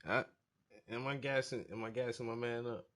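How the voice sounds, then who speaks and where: A man from South Carolina, hosting a casual music reaction and hyping up an artist in slangy, excitable talk. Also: medium pitch, normal speed.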